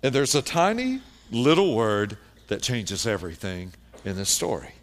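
A man's voice: mid-range voice, very animated, moderate pace. A man preaching a sermon, emphatic, repeating key phrases and speaking directly to the congregation. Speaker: pastor.

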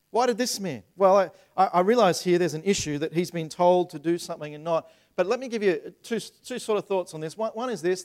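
Pastor, male, fairly high voice, animated sermon delivery that repeats words and acts out voices. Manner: acts out voices in retold scenes.

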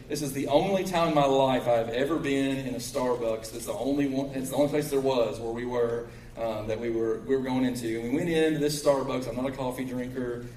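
A pastor with a Kentucky accent, preaching a sermon in a folksy way that swings between loud preaching and quiet storytelling. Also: male voice, medium pitch, echoey room, distant mic, a little hiss or hum, low-quality recording. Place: church sanctuary.

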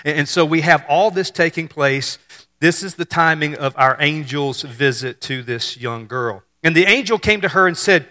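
A man in his fifties preaching in a loose, conversational style, often doubling words as he restarts. His voice is bright and forward, pitched a little high for a man. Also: moderate pace. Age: 50s. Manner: conversational, repeats words on restarts, jokes with the congregation. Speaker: pastor. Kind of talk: sermon.

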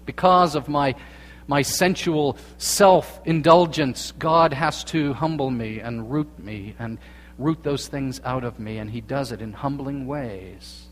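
A man preaching a sermon as a pastor, earnest, dropping to hushed tones and then rising to emphatic points. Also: a little high. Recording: long reverb of a large hall.

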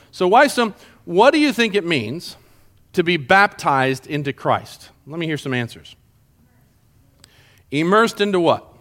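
A man with a high voice teaches a Bible lesson to a small group. His pitch swings widely as he explains the verses. He keeps checking in with his listeners to make sure they are following. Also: bright, forceful tone.

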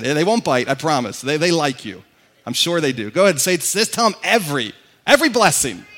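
A man preaching a sermon to a congregation, excitable and animated, who says he gets worked up and talks fast. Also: medium pitch. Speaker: pastor.

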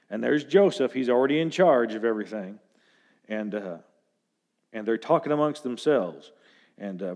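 A man's voice: medium pitch, darkish tone. Conversational man preaching a sermon. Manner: conversational, with fillers and restarts, reading scripture aloud. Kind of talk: sermon with scripture reading.

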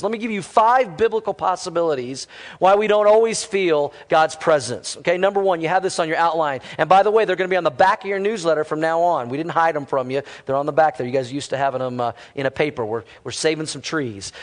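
A man preaching a sermon as pastor, telling a funny story and calling on the congregation to respond. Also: sits high. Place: large auditorium with long reverb. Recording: reverberant hall sound.

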